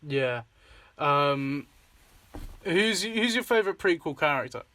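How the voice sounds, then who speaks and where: A man's voice: fairly high pitch, animated, takes it slowly, pushed and bright. A young Scottish man hosting a casual chat, rambling with fillers, swearing and laughing often. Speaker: podcast host and filmmaker.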